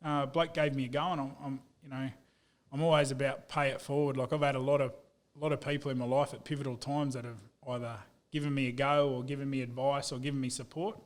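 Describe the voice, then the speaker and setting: A man's voice: medium pitch, fast. An Australian man in his thirties, telling stories in a casual interview and calling everyone mate. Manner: animated storyteller, says "mate" a lot. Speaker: guest, business owner.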